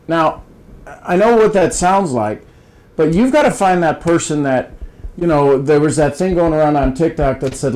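A man's voice: fairly high pitch, normal speed, a little mellow, rough recording. An older man from Ohio, a podcast guest talking in a folksy, coaching way, often restarting and repeating words. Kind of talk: casual advice-giving conversation.

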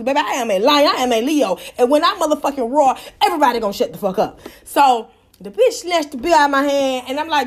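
A woman with a high voice tells a story in brash, casual chat. She talks with profanity and lively animation.

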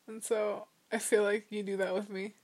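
A young woman in a casual chat, animated and giggly, acting out the people in her stories. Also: medium pitch, normal speed. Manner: giggly, animated storyteller who acts out quotes.

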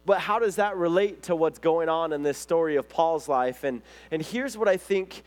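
A male pastor with a somewhat high voice delivers a sermon like a relaxed chat. He tells stories loosely, with frequent fillers and self-corrections. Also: normal speed. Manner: conversational storytelling, lively retelling.

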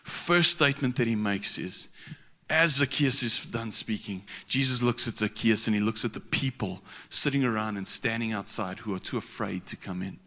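A man's voice: on the low side, normal speed, bright, forceful tone. Slangy preacher man in a big hall. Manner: casual, slangy preaching with restarts. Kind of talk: sermon.

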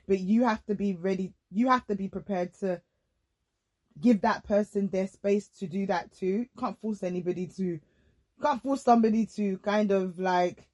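A woman hosting a casual faith-based podcast conversation. She speaks earnestly and reflectively, often pausing to rephrase. Her pitch is mid-range. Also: darkish tone. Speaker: podcast host.

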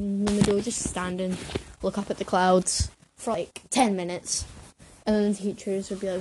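A woman's voice: medium pitch, moderate pace, long pauses, a little mellow. A young woman rambling in a casual vlog, hyper and scattered, full of fillers and restarts, a little out of breath, sitting on her bed. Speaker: vlogger. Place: bedroom, sitting on a creaky bed. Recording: noisy home recording.

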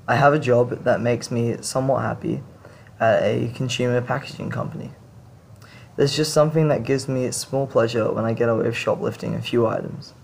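A man's voice: mid-range voice, creaky, darkish tone, slight background noise. A man hosting a show, reading confession stories aloud and reacting to them in blunt, casual talk with some swearing. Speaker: podcast host reading stories.

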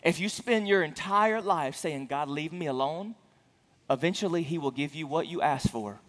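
A man preaching a sermon as a pastor, speaking earnestly with frequent restarts and stammered repeats, and getting louder for emphasis. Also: moderate pace, long reverb tail. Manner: rises in pitch and volume for emphasis.

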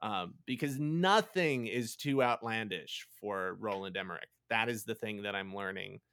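A man hosting a podcast, telling a movie story in casual, animated chat and laughing as he goes. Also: lowish voice, moderate pace, no room sound. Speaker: podcast host.

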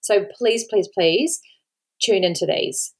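An Australian mother who hosts a podcast speaks alone to her listeners, earnest and pleading, close to tears, and repeats words for emphasis. Her voice is mid-range, gravelly and slightly rough, and she talks slowly.

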